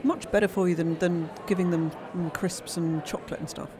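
A woman's voice: lowish voice, fairly even intonation, a crowd in the background. A woman co-hosting a casual interview, chatty and a little hesitant, at a trade show. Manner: quick, chatty, hesitant with fillers. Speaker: co-host. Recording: noisy trade show floor.

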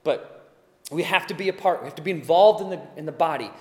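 A male pastor delivering a sermon with earnest intensity, moving between quiet, drawn-out reflection and loud exhortation. His voice sits a little high for a man. The recording rings with the long reverb of a big room. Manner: earnest preaching that swings from hushed to shouted.

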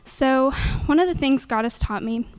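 A woman's voice: high-pitched, moderate pace, clean tone. A young woman giving a nervous, earnest faith testimony into a handheld microphone at a church gathering, with many fillers.

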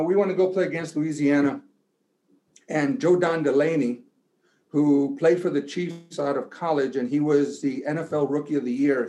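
Man, coach-style pep talk, rising to shouts, slightly high voice. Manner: builds to shouting, then tells a story quietly. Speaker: guest giving a pep talk. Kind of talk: motivational speech and storytelling.

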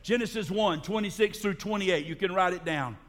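A pastor preaches to his congregation with a fairly high voice. He drives his points home with sudden loud, soaring emphasis. The sound carries a long reverb from the church hall around him. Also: brisk. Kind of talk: sermon. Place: church sanctuary.

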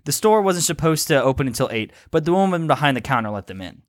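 A man's voice: a little high, very animated, fast, no room sound, studio quality. A man reading fan fiction aloud as host, stumbling over words and breaking into giggles. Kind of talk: read-aloud comedic narration.

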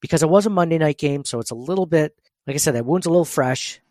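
Man, podcast host, fairly high voice, dry close sound, rambling, lots of fillers and laughs. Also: quick pace, a little mellow, no echo. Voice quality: says he has an annoying voice. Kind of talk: casual sports podcast chat.

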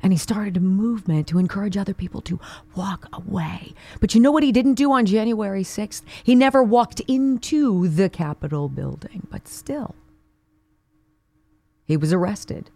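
A woman's voice: mid-range voice, moderate pace, mellow, no room sound. A woman hosting a talk radio show, delivering an indignant opinion monologue full of rhetorical questions. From Pittsburgh area.

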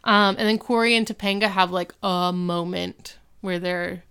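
A woman in her thirties chats through a recap with a bright, crisp tone. Her voice is smooth and clear. She keeps things loose and dips into little character voices as she retells scenes. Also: on the low side, fairly even intonation. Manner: chatty, retells scenes with quick quoted voices. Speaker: podcast co-host. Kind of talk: casual recap chat.

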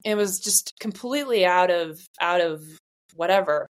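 A woman's voice: lowish voice, normal speed. A woman in her forties co-hosting a podcast, talking in a rambling, reflective way with many fillers. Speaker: podcast co-host. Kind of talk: casual conversation.

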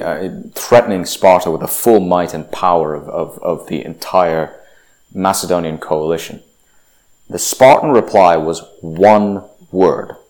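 A man with a very low voice gives a casual lecture. He stumbles through fillers and restarts, then punches out the lines he quotes. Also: darkish tone.

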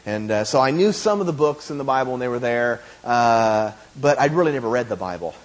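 A man's voice: medium pitch, animated, brisk. A man preaching a sermon, chatting casually and then building to emphatic preaching. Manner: conversational, rising to emphatic preaching.

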